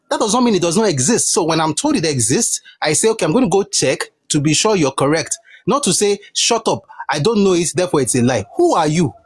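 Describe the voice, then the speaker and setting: A man's voice: sits high, breathy edge. A young man with a Nigerian Yoruba accent, passionately scolding an opponent in a heated live debate. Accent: Nigerian English, Yoruba. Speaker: debate participant.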